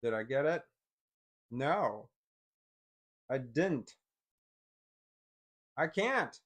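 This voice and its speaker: In a casual screen-share commentary, a man rambles and curses as he fumbles with zooming a picture on his computer, muttering his frustration to viewers. He speaks very slowly at medium pitch, with big pitch swings and a fairly bright tone. He's a vlogger.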